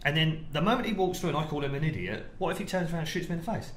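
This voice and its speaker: A middle-aged British man co-hosting a podcast, telling a story in a lively way and acting out the quotes. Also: a little high, racing. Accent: British English. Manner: animated storyteller, acts out quotes. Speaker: podcast co-host, esports broadcaster. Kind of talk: casual podcast chat, storytelling. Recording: roomy echo, faint noise.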